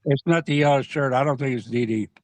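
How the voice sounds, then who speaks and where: A man chatting casually on a streamed panel call, halting and repeating his words, laughing often. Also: medium pitch, a little mellow, no room sound. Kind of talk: casual chat. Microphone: video call.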